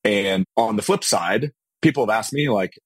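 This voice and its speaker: A man hosting a podcast, talking in a relaxed, conversational way and sharing his own stories. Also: lowish voice, moderate pace, husky, no echo. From Kansas, USA. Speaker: podcast host.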